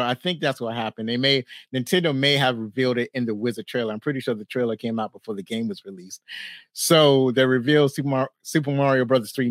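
A man's voice: mid-range voice, a bit bright, no echo, clean studio sound. A man hosting a podcast, casually recapping a movie plot in a rambling way, laughing often. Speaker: podcast host. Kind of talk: casual movie review chat.

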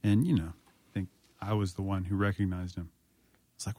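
A man's voice: low-pitched, little pitch movement, moderate pace, warm tone, no echo. A man hosting a casual podcast chat, telling self-mocking stories and quoting himself.

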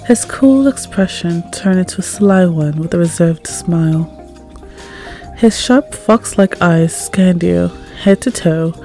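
A woman reading second-person fanfiction aloud in a soft, calm voice that sometimes drops near a whisper. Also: lowish voice, vocal fry. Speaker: fanfic reader.

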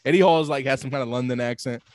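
A man's voice: medium pitch, racing, no echo. Rambling, swearing man in a dry room. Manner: rambling, heavy swearing, lots of filler words. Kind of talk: casual chat.

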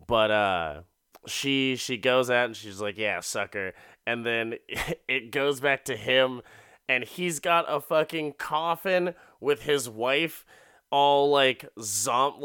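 Guy rambling thru a movie plot, swears a lot, smooth voice, dry close sound. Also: medium pitch, sharp tone, dry recording. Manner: profane, laughing, rambling. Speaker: film recapper. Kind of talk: casual retelling of a movie.

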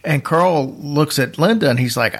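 A man hosting a podcast, telling a story in a casual, rambling way, restarting his sentences and speeding up and slowing down as he goes. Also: a little high, slightly rough. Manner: rambling, chatty, restarts sentences, uneven pace.

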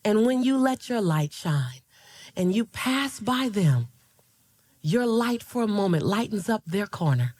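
A woman's voice: mid-range voice, big pitch swings, unhurried, a little mellow, husky. A woman in her forties giving a motivational keynote speech, telling stories with laughter and call-and-response asides to the audience. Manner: laughs through her lines. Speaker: motivational speaker.

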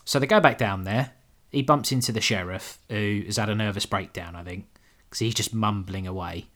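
A man's voice: on the low side, moderate pace, a bit bright. A man co-hosting a podcast, recapping a film in casual chat with dry sarcasm, swearing and laughing as he goes. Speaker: podcast co-host.

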